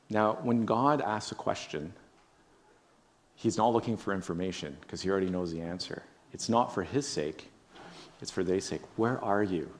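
A man's voice: deep voice, normal speed. A man preaching a sermon as pastor, earnest and repeating phrases for emphasis, then leading a prayer. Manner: earnest, repetitive emphasis, frequent "right?".

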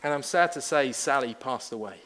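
A man's voice: medium pitch, moderate pace, a bit bright, a little hiss or hum. A man, a pastor telling a personal story in a conversational sermon with wry asides.

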